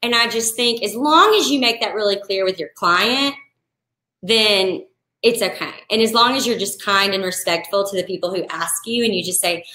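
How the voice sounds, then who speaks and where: A woman's voice: mid-range voice, moderate pace. Chatty woman in an echoey room. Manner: chatty, animated, acts out clients in quoted voices. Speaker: wedding florist and business coach. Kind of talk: casual live-stream talk answering viewer questions.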